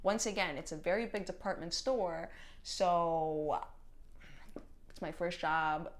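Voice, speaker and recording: Animated woman telling a storytime. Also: lowish voice, slow pace. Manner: animated, slangy, swears freely. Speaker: vlogger. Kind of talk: casual storytime.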